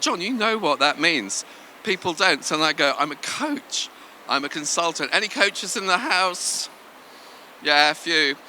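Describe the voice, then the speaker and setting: Bright, chatty man giving a talk. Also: a little high, a little hiss or hum. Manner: chatty, self-deprecating, tells anecdotes. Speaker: conference speaker. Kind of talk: live conference talk. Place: event venue.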